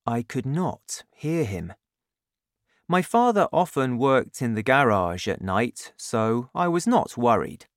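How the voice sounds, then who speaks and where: Storybook narrator, very slow, expressive melody, dry close-miked sound. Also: mid-range voice, no echo. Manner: slow, clear, deliberate reading. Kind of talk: audiobook narration.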